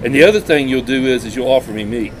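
A man's voice: medium pitch, quick pace, background noise. A man telling a self-mocking story in casual banter, swearing as he goes. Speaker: competition barbecue cook, guest. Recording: lively crowd chatter behind.

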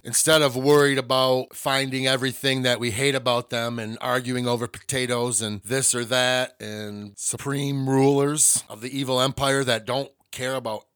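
A man's voice: medium pitch, fairly bright tone, no echo. A man hosting his own podcast, ranting bluntly and swearing often in a casual monologue from a small home studio. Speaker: podcast host.

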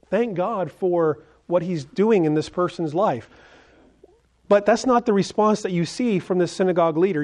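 A pastor delivers a sermon in a somewhat high voice for a man. He speaks earnestly, often turning to his listeners with questions. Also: a little mellow. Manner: earnest, asks the congregation questions.

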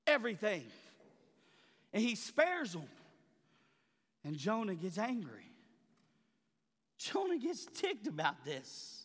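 A man preaching a sermon as pastor, swinging from quiet murmurs to loud, high shouting in a dramatic, colloquial preaching style. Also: huge pitch swings, slow, pauses often, long reverb tail.

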